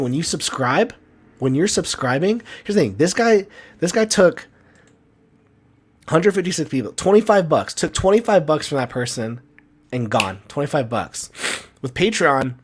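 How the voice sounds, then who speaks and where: Man, live stream host, ranting, animated, repeats words, middle pitch, feeling sick. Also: husky. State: sick, tired. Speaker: comic artist and channel host.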